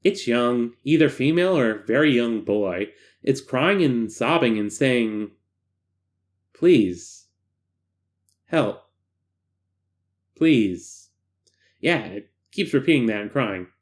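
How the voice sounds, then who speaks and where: A man voicing a frightened, blunt male test subject who swears while describing what he hears in a dark stairwell, in a horror story reading. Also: mid-range voice, animated, takes it slowly, pauses often, voice pushed down. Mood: scared. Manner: blunt, profane and nervous.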